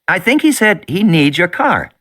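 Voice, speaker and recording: A man's voice: high-pitched, big pitch swings, normal speed, a bit bright, voice pushed up. A male narrator voicing a practical young woman, matter-of-fact, in a storybook reading.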